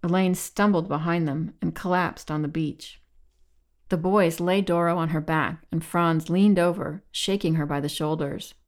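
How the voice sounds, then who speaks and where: A woman reading a novel aloud as narrator, in a measured, evenly paced delivery. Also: deep voice, fairly even intonation. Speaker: audiobook narrator. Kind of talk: scripted narration.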